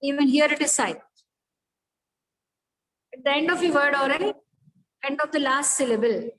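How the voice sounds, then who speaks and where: High-voiced woman teaching phonetics. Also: normal speed, fairly bright tone, poor audio. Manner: explains step by step, checks understanding. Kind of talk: phonetics lecture.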